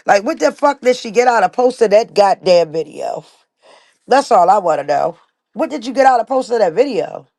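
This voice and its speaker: A woman's voice: medium pitch, a little mellow, dry recording, studio quality. A woman hosting a casual livestream rant, blunt and profane, repeating her points for emphasis. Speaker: livestream host. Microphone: laptop mic on a live stream.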